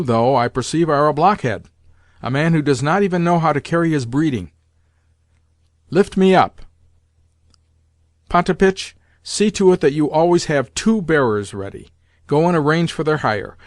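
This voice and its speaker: A man voicing an imperious rich old grandmother who gives blunt orders and sharp rebukes, in an audiobook reading. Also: fairly high pitch, no room sound, clean studio sound, natural voice. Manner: commanding, sharp rebukes and demands. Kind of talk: audiobook character voice.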